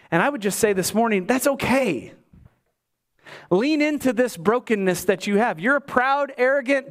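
Man, pastor, high voice, lively church sermon, emphatic swings and wry asides. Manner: lively preaching, rising to emphatic highs and dropping low; joking asides to the congregation.

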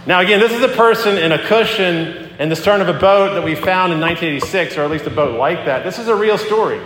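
A man preaching a sermon as a pastor, talking in a conversational, animated way as he tells a story and acts out the quotes. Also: sits high, fast, a little hiss or hum. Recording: echoey hall with long reverb.

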